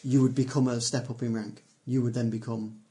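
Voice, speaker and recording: A man's voice: medium pitch, level tone, fairly quick, warm tone. A man running a tabletop role-playing game as game master, narrating scenes and explaining rules with hesitant fillers.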